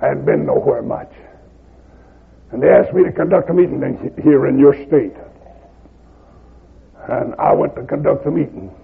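Gravelly shouting preacher on tinny tape. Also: male voice, mid-range voice, animated, moderate pace, long pauses. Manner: swings from quiet storytelling to shouted preaching; plain folksy grammar. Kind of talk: sermon. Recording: tinny lo-fi recording.

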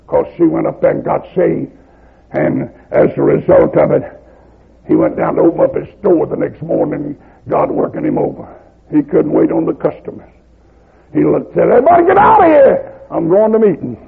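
Old southern preacher guy telling revival stories, real gravelly rough voice, gets shouty, sounds like an old phone-line tape. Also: on the high side, normal speed. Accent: Southern American. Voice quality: gravelly, husky voice. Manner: rhythmic, rising to shouts at climaxes. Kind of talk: revival sermon storytelling.

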